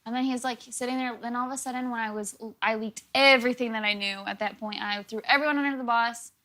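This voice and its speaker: A woman telling stories in a casual interview, quick and animated, with plenty of fillers. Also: fairly high pitch. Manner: rapid, filler-heavy, animated. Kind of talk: casual storytelling.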